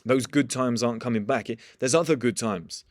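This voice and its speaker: A man's voice: medium pitch, brisk, no echo, studio quality. A young man giving a blunt, profane motivational talk in a casual monologue. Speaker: motivational speaker.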